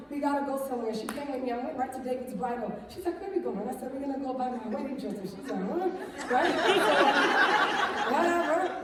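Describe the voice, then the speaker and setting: Speaking to a live audience, a high-voiced woman recounts her testimony with energy, laughing, acting out quotes and asking "right?" as she engages the crowd. The recording comes from a distance in a large, heavily echoing hall, with a faint murmur from the audience underneath.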